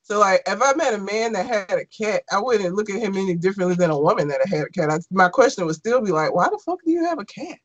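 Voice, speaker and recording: A woman's voice: medium pitch, fast talker, hardly any pauses. A woman co-hosting a casual comedy podcast, blunt and profane in her reactions. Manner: blunt, profane, swings between flat asides and sharp exclamations. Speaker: podcast co-host.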